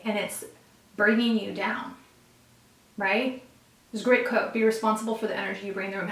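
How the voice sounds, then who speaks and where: A woman's voice: a little high, recorded from a distance. A woman giving a casual tarot reading, talking bluntly with tough-love encouragement to her viewers. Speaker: tarot reader. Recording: echoey room, voice a bit off-mic.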